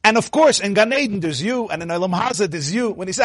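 A man teaching a Torah class as a rabbi, telling stories and acting out quoted speech with big jumps in pitch and loudness, thinking aloud with restarts. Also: animated, fairly quick, hardly any pauses, no room sound, studio quality. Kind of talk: Torah lecture.

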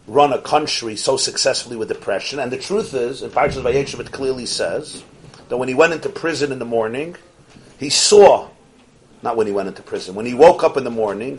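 A man teaching a Torah class, animated, posing rhetorical questions and swinging from soft asides to emphatic peaks. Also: mid-range voice. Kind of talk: Torah lecture to an audience.

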